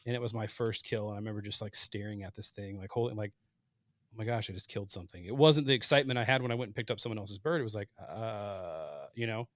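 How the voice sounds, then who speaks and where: A man in his late thirties telling hunting stories casually on a podcast, animated and acting out the voices he quotes. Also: on the low side, fast, no room sound, clean studio sound. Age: 30s. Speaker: podcast guest, hunter. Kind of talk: casual storytelling.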